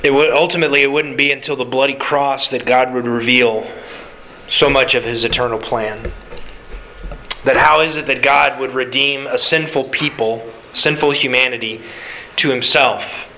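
A man's voice: mid-range voice, steady tone, moderate pace, bright, forceful tone, a little hiss or hum, rough recording. A man preaching a conversational sermon, asking his listeners questions and answering them. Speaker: pastor.

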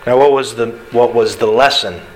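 A man preaching a conversational sermon as pastor, telling stories in an unhurried way with frequent fillers and restarts. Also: mid-range voice, low-quality recording.

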